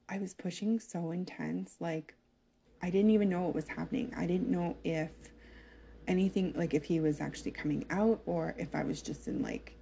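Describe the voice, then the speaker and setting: A woman's voice: lowish voice, creaky, mellow, slight background noise. A young woman casually recounting her birth story in a chatty, emotional way, with lots of fillers.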